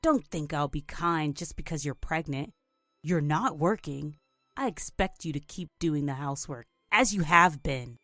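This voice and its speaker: Woman doing a scornful young husband, lowered voice, curt, demanding, slow delivery. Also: animated, fairly bright tone, no room sound, soft background music. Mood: contemptuous. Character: cold dismissive young husband, man.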